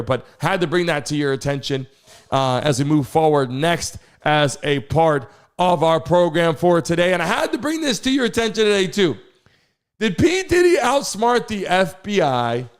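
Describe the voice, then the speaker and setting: A man hosting a live sports news show, talking casually and excitably, throwing rhetorical questions to his chat. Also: fairly high pitch. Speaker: host.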